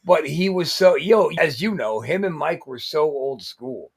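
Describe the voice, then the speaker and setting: A man co-hosting a casual talk show, telling a relaxed, profane anecdote and acting out quotes. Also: on the high side, a little slow, vocal fry, husky. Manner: laid-back, profane, acts out quotes. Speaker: podcast co-host. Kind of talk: casual storytelling chat.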